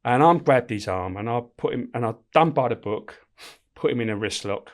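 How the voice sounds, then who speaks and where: A middle-aged man telling stories in a podcast interview, animated, swearing freely and laughing as he talks. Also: mid-range voice, normal speed. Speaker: guest, former prison officer. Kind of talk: casual storytelling in a podcast interview.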